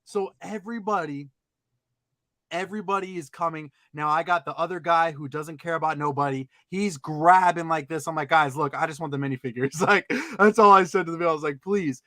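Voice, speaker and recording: A man telling a story in casual chat, animated, acting out other people's lines in sudden high-pitched outbursts. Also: brisk, no echo. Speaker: podcast co-host.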